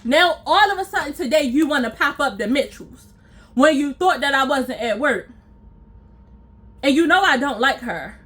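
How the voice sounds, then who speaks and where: At a moderate pace, another woman vlogger recounts a personal story directly to her audience, animated and casual, her voice high and bright. Repetition gives her points emphasis, and she slips into other people's voices for quoted lines.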